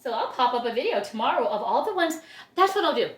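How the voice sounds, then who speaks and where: A woman's voice: high voice, big pitch swings, fast talker, roomy sound. A woman from Ohio, chatting casually as she unboxes plants, gushing, laughing often and gasping with delight. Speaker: orchid grower and vlogger.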